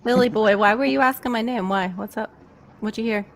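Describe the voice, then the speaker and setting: A woman's voice: on the high side, a little fast. A woman chatting playfully on a live stream, teasing and putting on mock tough talk. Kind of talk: casual live chat banter.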